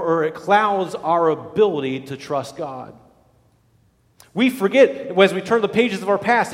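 A man preaches a dramatic sermon as pastor, dropping to hushed, low lines and then rising to loud exclamations. A long reverb tail trails his voice.

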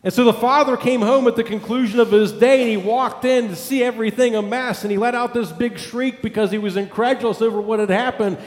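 A man's voice: very high voice, steady tone, a little fast, few pauses, reverberant, big-room sound. A male pastor preaching a sermon, emphatic, building points through repeated lists.

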